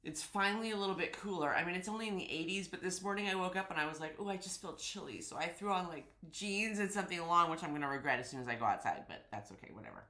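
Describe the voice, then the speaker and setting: A woman's voice: lowish voice, rapid-fire, few pauses, bright, forceful tone. Congested woman hosting a chatty livestream. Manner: chatty, greets viewers by name, rambling asides. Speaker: host of a live sewing stream. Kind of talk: casual live-stream chat. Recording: echoey room.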